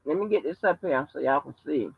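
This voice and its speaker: A woman's voice: sits low, expressive, fairly quick, vocal fry, breathy edge, no echo. A woman hosting a casual livestream from home, talking in a profane, emphatic, storytelling way. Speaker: livestream host. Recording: dull lo-fi livestream audio.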